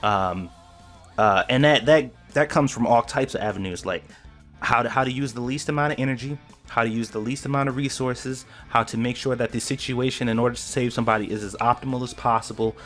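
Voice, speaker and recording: A man talks through an anime episode in a loose, excited ramble, circling back and restarting his thoughts as he goes. His pitch sits in an ordinary middle range. Soft music plays faintly underneath. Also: fairly quick. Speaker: anime reaction vlogger. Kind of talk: casual reaction commentary.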